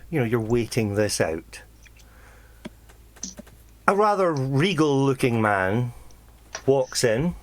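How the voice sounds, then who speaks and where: A game master narrating a tabletop game, halting and full of ums. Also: mid-range voice. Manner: hesitant, lots of ums and restarts.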